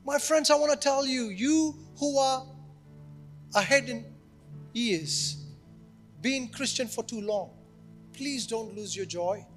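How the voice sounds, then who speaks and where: High-voiced male pastor telling stories. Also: takes it slowly, pauses often, soft background music. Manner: animated storytelling, acting out quoted speech. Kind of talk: sermon. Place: church service.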